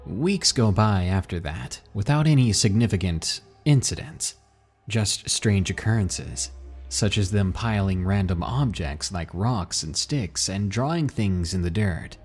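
A man narrating a scary first-person story for a podcast in a measured, suspenseful way. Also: on the low side, animated, breathy edge. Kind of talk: scripted horror narration. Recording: soft music behind.

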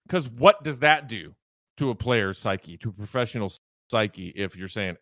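A man hosting a solo sports podcast, talking in an animated, opinionated way with frequent restarts. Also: fairly low pitch, moderate pace, dry recording. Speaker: podcast host.

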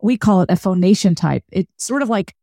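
A woman's voice: mid-range voice, expressive, a little fast, gravelly, dark tone, no echo, studio quality. A woman linguist and author speaking as a podcast guest, explaining research. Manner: explanatory, academic, demonstrates voice qualities. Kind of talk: podcast interview.

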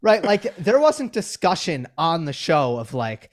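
A man co-hosting a podcast in casual sports-analysis chat, talking in a relaxed, conversational way with many fillers. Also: on the high side, unhurried, hardly any pauses. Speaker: podcast co-host.

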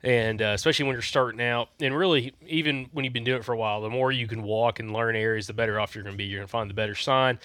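A man, a podcast co-host chatting in a quick, teasing, easygoing way. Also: mid-range voice, fairly even intonation, fairly bright tone, no room sound, studio quality. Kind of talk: casual podcast chat.

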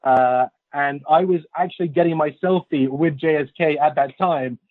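A man's voice: fairly high pitch, moderate pace, dry recording. Posh West London man over a phone line. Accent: West London received pronunciation. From England. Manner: playful, self-mocking rambling. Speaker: guest. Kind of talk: casual podcast chat.

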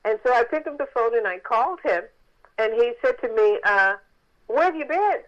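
Animated woman storyteller on a phone line. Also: a little high, a little fast. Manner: animated storyteller acting out quoted voices. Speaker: author and interview guest.

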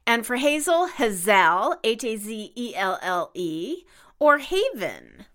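A woman's voice: fairly high pitch, big pitch swings, unhurried, a bit bright. A woman co-hosting a casual podcast chat, reading out listener suggestions and spelling names letter by letter. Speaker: podcast co-host.

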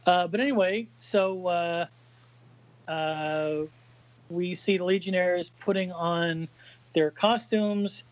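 High-voiced man, halting casual chat. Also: fairly even intonation, dull audio. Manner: halting, with many fillers. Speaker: podcast co-host reading a comic aloud.

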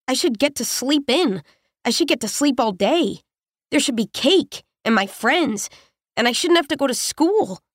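A woman reading a first-person story in a slow, tense, suspenseful manner. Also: high-pitched, expressive, dry recording, clean studio sound. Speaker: audiobook narrator. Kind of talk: first-person scripted narration.

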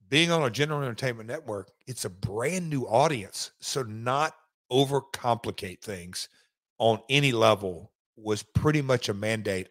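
A man's voice: medium pitch, fairly bright tone, no room sound. Man, interview guest, rambling, lots of restarts, dry close sound. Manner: rambling, full of restarts and asides. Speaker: wrestling executive guest. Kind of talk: casual interview storytelling.

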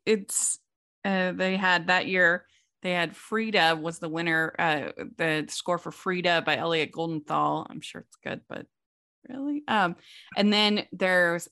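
A woman hosting a casual film discussion, chatty and quick to laugh. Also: fairly low pitch, sharp tone. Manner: chatty, laughs often, many restarts. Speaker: podcast host.

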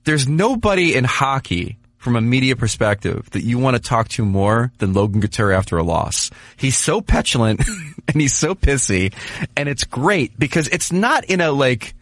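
A man co-hosting a sports podcast, talking casually and at length with lots of restarts and animated asides. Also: mid-range voice, normal speed, no room sound. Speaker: podcast co-host, hockey writer.

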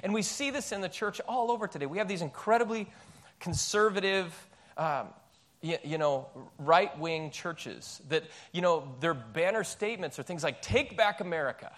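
In a church, a male pastor preaches a sermon with emphasis and animation, rattling off rhetorical questions. His voice sits high and he speaks at a moderate pace.

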